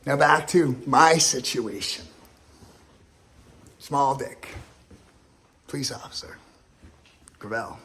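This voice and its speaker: A man's voice: medium pitch, takes it slowly, pauses often, a bit bright, a little hiss or hum. A man talking alone to camera in a rambling, emotional rant, swearing often and repeating himself. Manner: rambling, profane, emotional and repetitive. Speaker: vlogger. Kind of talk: ranting monologue to camera.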